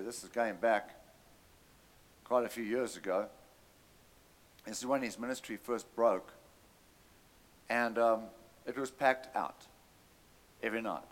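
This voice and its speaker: A man preaching a sermon, telling a story animatedly and calling out to his congregation. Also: medium pitch.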